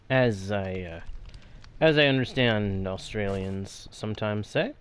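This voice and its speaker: A man's voice: fairly low pitch, a little slow, clean tone. A man streaming a building game who chats playfully with viewers and mutters to himself as he works. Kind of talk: casual live-stream chat while playing.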